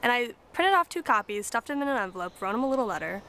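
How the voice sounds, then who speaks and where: A young woman telling a story in a casual, excitable way, with lots of "like". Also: a little high, rapid-fire, a little hiss or hum. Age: young adult. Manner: excitable and chatty, full of "like".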